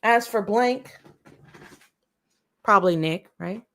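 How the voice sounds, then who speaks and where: Brief: woman streamer with a gravelly edge, chatty commentary host reading letters aloud. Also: medium pitch, a little slow, long pauses. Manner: chatty, reads letters then questions them directly.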